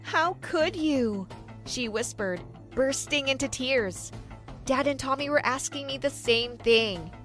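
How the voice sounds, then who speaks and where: A woman's voice: high-pitched, unhurried, a bit bright, faint music behind. A young woman narrating a first-person story in a dramatic storytelling manner. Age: young adult.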